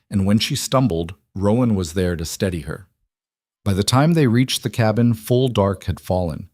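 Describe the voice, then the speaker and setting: Man, scripted story narration, calm, even, low voice, dry close sound. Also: dry recording.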